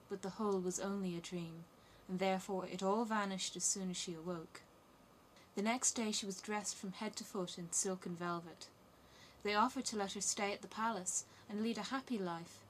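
A woman narrating a fairy tale as an audiobook, in a steady, clear storytelling manner. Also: medium pitch, a little hiss or hum.

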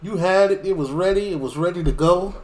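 A young man from Chicago hosting a reaction video, talking in animated slang and laughing often. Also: high voice, fairly quick, a little hiss or hum. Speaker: reaction channel host. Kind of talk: casual reaction commentary.

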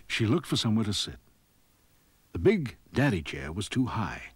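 A man reading a fairy tale aloud as an expressive storyteller, sometimes sinking to a whisper. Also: low voice, moderate pace, husky, dry recording. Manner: lively, expressive, dropping to a whisper at quiet moments. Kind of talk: scripted storybook narration.

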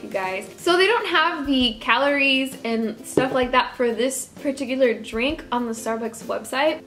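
A young woman from Texas chatting casually as a vlogger, friendly and quick to laugh, reviewing a drink. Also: high-pitched, fairly bright tone. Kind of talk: casual product review vlog.

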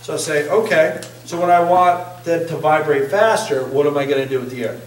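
Chatty singing coach in an echoey room. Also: male voice, on the high side, fairly quick, slight background noise. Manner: chatty, joking, asks the group questions. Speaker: singing instructor. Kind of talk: casual workshop teaching. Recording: echoey room, distant mic.

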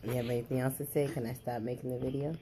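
A man's voice: mid-range voice, level tone, rapid-fire. A man filming his child at home, asking short, patient questions from behind the camera in a dim room. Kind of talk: casual home video chat. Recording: loud hiss, voice off-mic.

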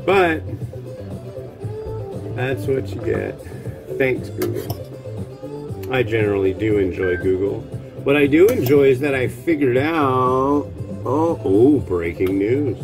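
A man's voice: mid-range voice, lively intonation, a little slow. A man hosting a cooking show, chatting casually in a rambling, wry, offhand way. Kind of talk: casual chat while cooking. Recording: music playing underneath.

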